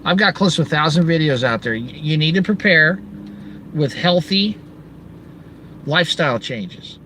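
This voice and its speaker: A man with a high-pitched voice rants to his audience, animated and sarcastic, now and then bursting into shouts. He is middle-aged and speaks as the host of his own channel. Street and traffic noise plays clearly behind him outdoors. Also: moderate pace, rough recording. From Southern California. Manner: animated, ranting, sarcastic asides with shouted outbursts. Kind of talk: ranting monologue to camera.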